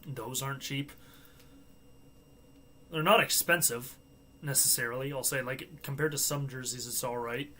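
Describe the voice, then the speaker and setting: A man's voice: medium pitch, fairly even intonation, normal speed, pauses often, sharp tone, slight background noise. A man hosting a live stream, chatting casually and joking to himself with frequent laughs. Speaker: livestream host.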